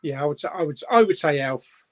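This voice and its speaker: A man's voice: a little high, expressive, brisk. A man hosting a casual live-stream chat, rambling along with lots of fillers and restarts. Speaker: host.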